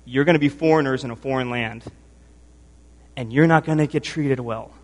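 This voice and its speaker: A man's voice: mid-range voice, normal speed. A male preacher delivers his sermon in a church hall, and his voice carries a long reverb. He sounds earnest and emotional, a little worn from lack of sleep. He restarts phrases often and keeps checking in with "right?".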